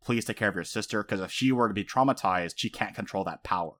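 A man voicing a gentle queen pleading with her family on her deathbed. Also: on the low side, fast talker, natural voice.

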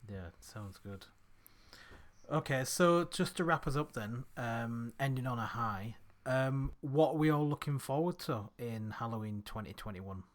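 Man, podcast host, casual chat, easygoing, middle pitch. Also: unhurried.

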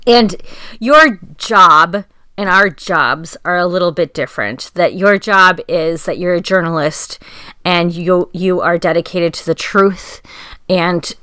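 A woman podcast host asking earnest, halting questions. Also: fairly low pitch, pushed and bright, smooth, no room sound, clean studio sound. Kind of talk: podcast interview.

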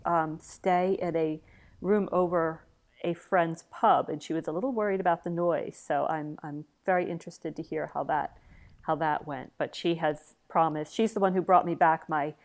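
A middle-aged woman with a very low-pitched voice, co-hosting a podcast. She tells stories at an easy pace and often stammers into repeated words. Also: fairly even intonation, normal speed. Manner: warm storytelling, frequent stammered repeats. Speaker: podcast co-host. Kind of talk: casual chat.

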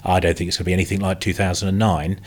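A man with a lowish voice from the UK, talking through his views on a podcast panel. He is opinionated and halting, with frequent restarts and fillers. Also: little pitch movement. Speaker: industry analyst on a podcast panel. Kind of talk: casual panel discussion.

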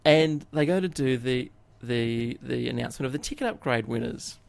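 A man's voice: medium pitch, lively intonation, normal speed, vocal fry. A man telling a long personal story in casual chat on a podcast, with lots of fillers and restarts. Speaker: podcast co-host.

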